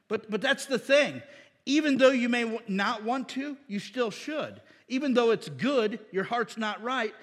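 A pastor delivers a sermon in a loose, conversational way, restarting phrases and building to emphatic peaks. His voice sits a little high for a man. The sound carries a long reverb tail from the hall around him. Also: a bit bright. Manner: conversational preaching with many restarts and rising emphasis.

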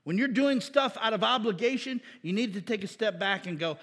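Fairly high-voiced man preaching in a hall. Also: animated, brisk, hardly any pauses, fairly bright tone, slightly rough. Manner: conversational preaching with many restarts and rising emphasis. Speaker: pastor. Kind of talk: sermon.

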